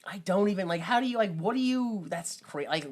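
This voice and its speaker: Young male podcast co-host; animated, jokey movie recapper who swings into loud disbelief. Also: sits high, fairly quick, a crowd in the background. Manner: animated retelling with loud mock-confused outbursts. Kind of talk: casual movie-recap chat.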